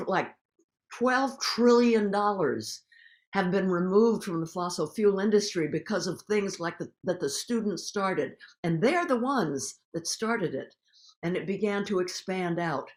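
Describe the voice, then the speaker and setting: Older woman, emphatic and animated. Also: medium pitch, a little slow. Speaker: guest activist. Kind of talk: recorded public conversation.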